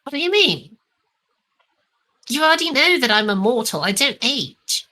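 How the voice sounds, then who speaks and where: A woman's voice: high voice, sing-song, normal speed, sharp tone. A woman guest in a casual stream chat, playful and teasing.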